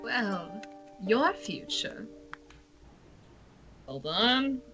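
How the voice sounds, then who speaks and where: Woman playing a slow, mysterious fortune-teller. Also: on the high side, animated, lo-fi sound, over music. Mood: mystical. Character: theatrical female fortune-teller reading cards.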